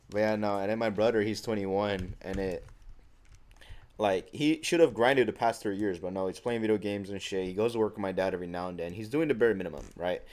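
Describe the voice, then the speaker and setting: A man's voice: on the low side, darkish tone. An eighteen-year-old man venting casually to the camera in a slangy, swearing monologue, calling everyone bro and acting out what other people said. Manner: casual slangy talk, says bro a lot, swears freely; acts out other people's lines in quick quoted voices. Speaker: vlogger.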